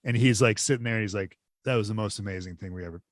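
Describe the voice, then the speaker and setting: Dude gushing on a podcast, cusses a lot, dry mic. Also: male voice, on the low side, rapid-fire, no room sound. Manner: enthusiastic, swears freely, quotes people in animated voices. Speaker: podcast co-host. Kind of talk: casual movie podcast chat.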